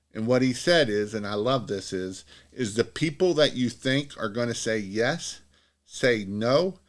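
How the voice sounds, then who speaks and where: A man giving casual business advice on a live stream, rambling and repetitive, with many fillers and restarts, urging listeners on. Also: mid-range voice. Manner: earnest, pep-talk urging. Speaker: Christmas light business owner giving advice.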